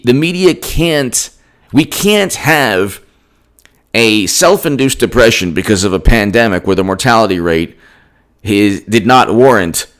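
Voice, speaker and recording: A man giving an emphatic, rambling political commentary on his own channel, with frequent restarts. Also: lowish voice. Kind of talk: solo political commentary vlog.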